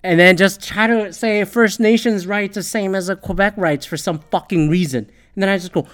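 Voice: mid-range voice, moderate pace, hardly any pauses. A Canadian speaker ranting about politics, swearing constantly, rambling and sarcastic. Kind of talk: profane political rant.

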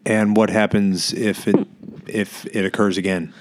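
A man on a casual podcast, chiming in with dry comments and quick laughing asides. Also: lowish voice, flat delivery, slight background noise. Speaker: podcast co-host. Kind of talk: casual chat.

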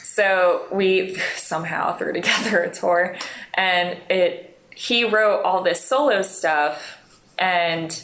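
A woman's voice: on the low side, slow, fairly bright tone. A young woman telling stories in a casual interview, rambling and self-deprecating, laughing often. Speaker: interview guest, musician. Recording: roomy, echoey room.

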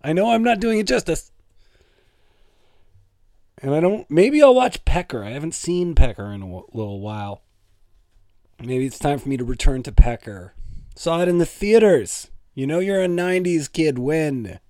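A man in his thirties hosts a solo comedic podcast with playful, rambling asides. His pitch sits mid-range but swings widely from line to line. The voice sounds close and dry, with no room around it. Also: lively intonation, normal speed, pauses often, mellow, no echo. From Toronto, Canada. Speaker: podcast host.

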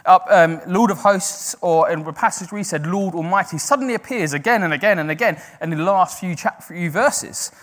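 Man preaching with surging, then hushed emphasis. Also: high-pitched. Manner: swings from hushed, slow emphasis to loud, rising exhortation; self-correcting, with brief laughs. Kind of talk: sermon.

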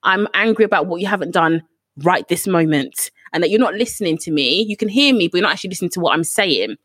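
A woman co-hosting a podcast in casual chat, animated and frank, venting with the odd swear word. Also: fairly low pitch, fast talker, breathy edge, no echo. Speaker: podcast co-host.

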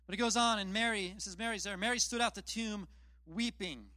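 A man's voice: sits high, brisk, pushed and bright, no room sound. A man preaching a casual sermon, retelling scripture in plain, chatty storytelling with self-deprecating asides. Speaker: pastor.

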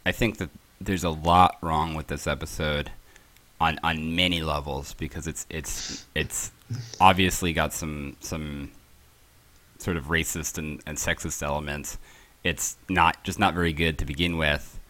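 A man's voice: extremely low pitch, steady tone, unhurried, sharp tone. A man co-hosting a podcast, talking in a rambling, hesitant way and laughing often. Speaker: podcast co-host. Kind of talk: casual podcast chat.

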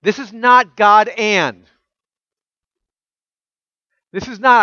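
High-voiced preaching man, rhetorical. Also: unhurried, pauses often, dry recording, muffled recording. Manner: emphatic, full of rhetorical questions, drops soft when quoting scripture. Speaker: pastor. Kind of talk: sermon.

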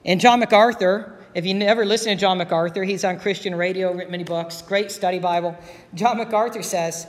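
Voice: medium pitch, a little fast. Earnest preacher in a reverberant hall. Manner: earnest, conversational, repeats key phrases. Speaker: pastor. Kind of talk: sermon.

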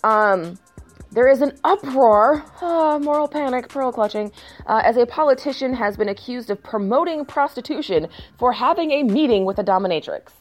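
A woman's voice: a little high, expressive, moderate pace, faint music behind. A woman commenting on news stories in a casual rant, reading passages aloud and breaking in with sarcasm and frequent swearing. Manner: sarcastic, swears often, shifts into mock outrage.

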